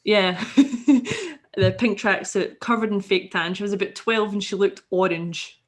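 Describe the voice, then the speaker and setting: A woman's voice: medium pitch, steady tone, a little slow. A Scottish woman, a podcast guest, telling a story casually and animatedly, swearing freely and acting out the people she quotes.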